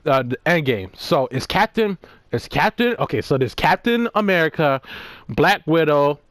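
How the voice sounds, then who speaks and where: A man's voice: on the high side, no echo. A man casually reviewing a movie in one take, rambling with lots of fillers and frequent swearing. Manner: rambling, profane, fillers and restarts.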